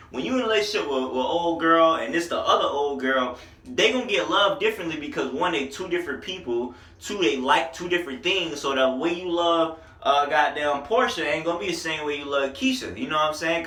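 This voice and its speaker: A man giving a casual, animated album review, slangy and excited about the lyrics, recorded roomy and from a distance. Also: on the high side. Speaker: music reviewer.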